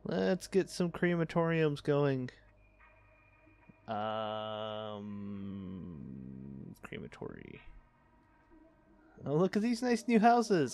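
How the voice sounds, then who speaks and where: A man's voice: mid-range voice, lively intonation, slow, pauses often, a little mellow, clean tone. A young man giving casual, wry running commentary on a city-building game he is playing, with dry sarcastic asides. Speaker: let's play host.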